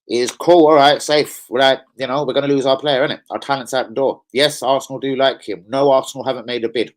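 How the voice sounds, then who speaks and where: A man ranting angrily on a live stream as a football fan streamer, swearing heavily and getting worked up. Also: mid-range voice. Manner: angry, profane, heated.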